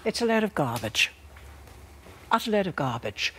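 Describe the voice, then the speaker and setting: A woman's voice: lowish voice, big pitch swings, moderate pace, fairly bright tone, slight background noise. An older woman, a TV guest in a heated studio debate, who talks bluntly and scornfully and calls others dear.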